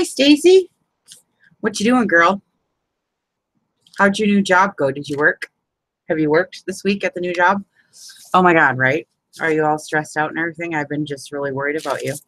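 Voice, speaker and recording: Hosting a relaxed live crafting session, this woman chats while showing paper folds and welcoming viewers, sprinkling in "you know what I mean." Her voice sits on the low side with a fairly bright tone. A little hiss or hum runs through the poor-quality audio.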